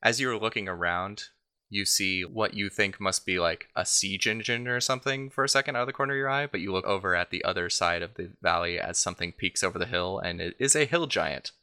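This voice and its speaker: Low-voiced man running a tabletop game. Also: fairly quick, smooth. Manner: relaxed, descriptive narration with in-character lines. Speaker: game master.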